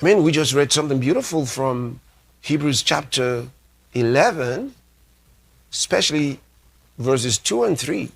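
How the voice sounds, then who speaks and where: A man's voice: fairly high pitch, creaky, a bit bright, slightly rough. A man preaching a sermon as a pastor, delivering emphatic lines, repeating key phrases and reading scripture aloud. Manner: reads scripture aloud slowly.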